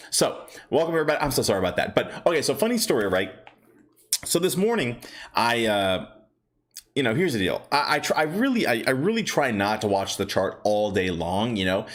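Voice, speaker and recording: A man hosting a casual stock market livestream, chatty and upbeat, greeting viewers by name and telling rambling stories with lots of fillers. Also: mid-range voice. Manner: rambling storytelling with many fillers.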